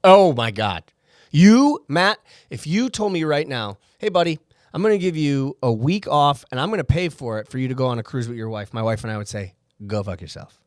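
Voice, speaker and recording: A man co-hosting a podcast, chatting casually, animated and swearing as he tells stories. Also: on the high side, a little fast, no room sound, clean studio sound. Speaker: podcast co-host. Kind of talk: casual chat.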